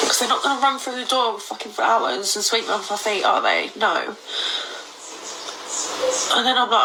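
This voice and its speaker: A woman's voice: medium pitch, a little fast, pushed and bright, slight background noise, rough recording. A young woman in her twenties, crying while rambling and swearing in a casual vlog at home. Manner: swears often, rambling, tearful. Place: indoors at home.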